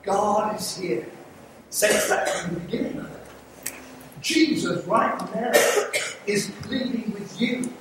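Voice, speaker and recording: Heard from afar in a noisy, echoing church, this older English-accented man is a visiting evangelist delivering a sermon that ends in an altar call. He pitches his voice high, speaks slowly and pauses often, pleading earnestly while slipping in light humour.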